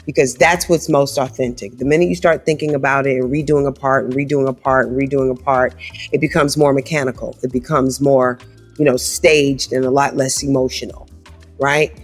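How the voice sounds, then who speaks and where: A woman with a big, scratchy voice pitched extremely low talks at a moderate pace over soft background music. She's a guest singer in a casual interview, telling stories animatedly and conversationally, tossing in "right?" again and again.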